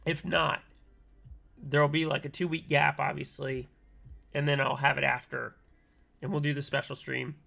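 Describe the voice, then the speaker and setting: A man with a hoarse voice he says is going out, chatting casually with his viewers at the end of a keyboard-building livestream, with plenty of ums and easy laughs. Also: mid-range voice, moderate pace, long pauses. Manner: relaxed and thankful, many ums and laughs. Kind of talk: casual livestream wrap-up chat.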